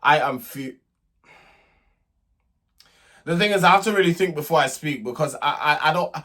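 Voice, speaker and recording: A young man with a high, light voice rants through a casual reality TV recap. He is sassy and indignant, often stumbling over and repeating his words as he goes. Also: moderate pace, bright, forceful tone. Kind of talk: casual vlog commentary.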